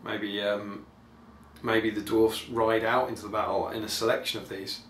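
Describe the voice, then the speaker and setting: A man's voice: lowish voice, little pitch movement, moderate pace, fairly bright tone. Rambling man in an echoey room. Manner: rambling and enthusiastic, with many ums. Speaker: podcast host. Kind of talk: casual trailer commentary. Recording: echoey room, faint background noise.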